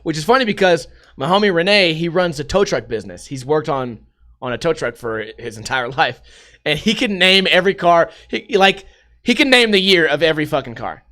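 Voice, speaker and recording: A man's voice: a little high, expressive, a little fast, bright, forceful tone. A young man with a profane, rambling comedic style, hosting a podcast and reading news stories aloud with running commentary. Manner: profane, rambling, acts out voices. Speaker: podcast host.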